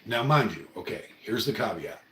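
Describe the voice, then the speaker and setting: A man's voice: lowish voice, big pitch swings, normal speed, fairly bright tone, recorded from a distance, a little hiss or hum. Middle-aged guy rambling earnestly on his home stream, kinda emotional, echoey room. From Oregon, USA. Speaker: livestream host. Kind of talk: casual livestream monologue. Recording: roomy, a bit off-mic.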